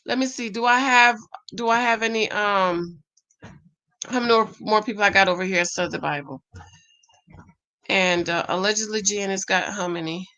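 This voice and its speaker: A woman's voice: medium pitch, normal speed, pauses often, pushed and bright. A tired woman hosting a casual live stream, chatting with viewers and reading their comments. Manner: chatty, laughs often, talks to viewers as "babes" and "y'all". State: tired, winding down for bed. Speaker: YouTube host reading live chat.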